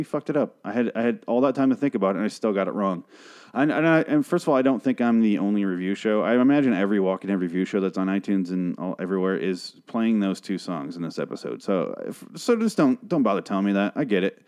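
A man's voice: fairly low pitch, expressive, fast talker, a little mellow. A man hosting a solo TV review show, recapping an episode in a rambling, profane, self-correcting way. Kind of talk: casual solo recap podcast.

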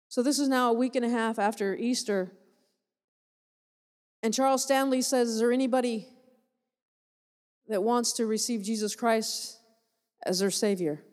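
A woman's voice: on the high side, a little mellow. A woman missionary giving a personal testimony to a church audience, telling her story with animation, laughter and repeated phrases for emphasis. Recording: echoey hall reverb.

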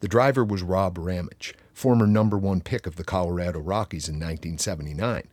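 A man's voice: sits low, a little fast, darkish tone, no echo. An older man hosting a casual hockey chat, stammering and repeating words as he reels off old stats and names. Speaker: podcast host.

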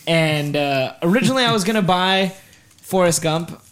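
Podcast co-host, male, a higher register with a lot of swing in his delivery, excitable storyteller who laughs easily. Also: moderate pace. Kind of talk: casual chat.

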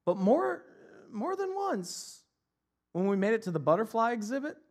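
A man from Ohio preaching a sermon, mixing jokey, animated asides with earnest, quieter scripture reflection. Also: very high-pitched, moderate pace. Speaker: pastor.

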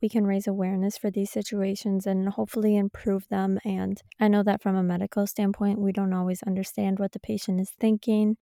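A woman hosting a podcast with a medical background, who speaks to her guest in a gentle, supportive and deliberate way. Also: mid-range voice, vocal fry, dry recording, clean studio sound. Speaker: podcast host, medical professional. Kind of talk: interview hosting.

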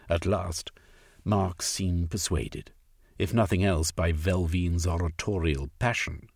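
A man reading a story aloud in a measured narrating voice. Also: low-pitched, creaky, breathy edge, dry recording, clean studio sound.

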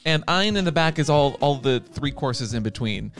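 A man's voice: mid-range voice, animated, moderate pace. Playful rambling podcast host, man. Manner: playful, teasing, rambling with restarts. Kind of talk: casual chat.

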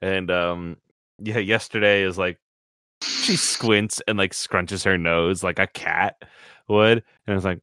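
A man's voice: sits low, steady tone, takes it slowly, sharp tone, smooth, no room sound, clean studio sound. A man narrating a tabletop game as game master in a casual, giggly way, swearing often.

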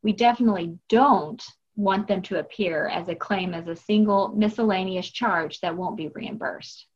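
A woman's voice: mid-range voice, normal speed. Instructive woman on dull lo-fi audio. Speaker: podcast co-host, billing expert. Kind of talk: scripted explanatory podcast talk.

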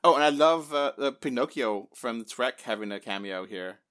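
A man hosting a casual spoiler chat about a film, rambling with lots of fillers and lively quoted reactions. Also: medium pitch, moderate pace. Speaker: podcast host.

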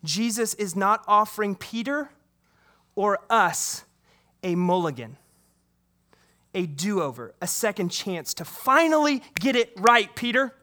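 High-voiced man preaching with animated delivery. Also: slow. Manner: animated preaching, acts out dialogue, asks the congregation questions. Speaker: pastor. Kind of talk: sermon.

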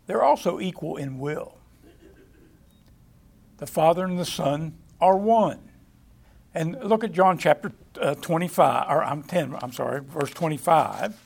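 High-voiced man teaching from scripture. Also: vocal fry, slightly rough. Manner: halting, repeats words, reads scripture aloud. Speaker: preacher. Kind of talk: Bible study sermon.

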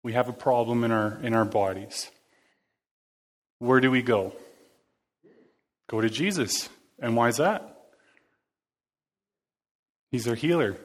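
A man's voice: medium pitch, takes it slowly, long pauses. Chatty, joking man preaching a casual sermon. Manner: chatty, jokey, interacts with the congregation.

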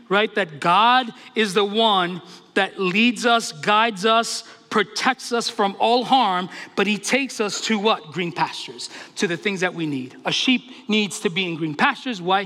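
A man's voice: high-pitched, sharp tone, in a large hall. A pastor preaching a sermon with passion, firing off rhetorical questions to his congregation. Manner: impassioned, asks rapid rhetorical questions.

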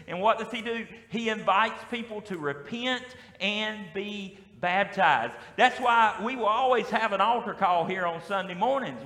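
High-voiced Southern preacher in echoing hall. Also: male voice. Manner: lively call-and-response preaching. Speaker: pastor. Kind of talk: sermon. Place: church sanctuary. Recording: echoey hall with long reverb.

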